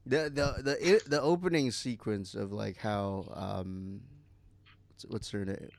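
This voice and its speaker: A man's voice: on the low side, a little slow, gravelly, no room sound. A man co-hosting a podcast in casual chat, rambling with many fillers and some swearing. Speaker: podcast co-host.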